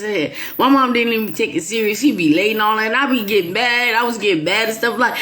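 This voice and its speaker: A woman hosting her own channel, telling a personal story to viewers in an animated, emphatic way with playful asides. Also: mid-range voice, fairly quick, few pauses. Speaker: YouTube channel host. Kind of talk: casual storytelling monologue to viewers.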